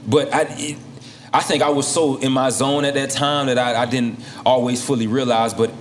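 A man's voice: mid-range voice, steady tone, normal speed, a little hiss or hum. A man, a rapper, talking casually in an interview, laid-back and slangy with lots of fillers. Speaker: rapper guest.

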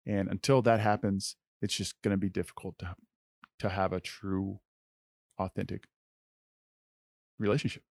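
A male co-host talks casually about mentoring teens, often saying "like" and letting his sentences trail off quietly. His voice sits low with a rough, gravelly grain. The sound is close and dry. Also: normal speed, pauses often, no echo. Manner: relaxed and conversational, full of "like", trails off softly. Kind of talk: faith-based podcast chat.

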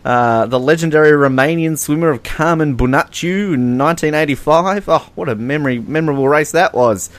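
A man's voice: a little high, fairly quick, few pauses. An Australian man co-hosting a casual sports chat podcast, sarcastic and joking, often mocking other people's voices. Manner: sarcastic, mocks voices in quotes. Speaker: podcast co-host.

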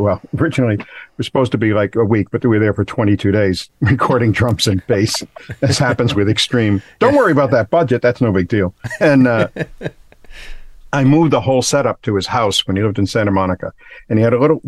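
Male engineer as podcast guest, mid-range voice, relaxed rambling delivery, dry close mic. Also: mid-range voice, no echo. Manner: easygoing, rambling, many "you know" fillers. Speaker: guest recording engineer and producer. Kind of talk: conversational interview storytelling.

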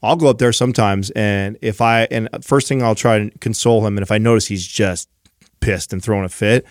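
A man's voice: lowish voice, steady tone, a little fast, no room sound, studio quality. A man in his thirties chatting casually on a podcast, rambling through a story with lots of fillers. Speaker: podcast co-host. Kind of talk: casual chat.

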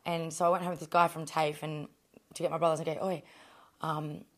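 An Australian woman telling stories as a podcast guest, animated and blunt, with plenty of swearing. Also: deep voice, a little fast. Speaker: guest, professional boxer. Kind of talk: casual storytelling.

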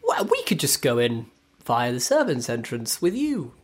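A woman playing a tabletop game, reacting loudly and swearing often. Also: extremely low pitch, wildly swooping pitch, normal speed, husky. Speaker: player.

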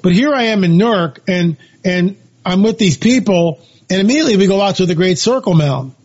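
An author and researcher, this male guest speaks in a high, animated voice that's fairly quick and darkish in tone. He tells his story emphatically during the interview, full of repetitions and fillers, recorded in dull lo-fi quality.

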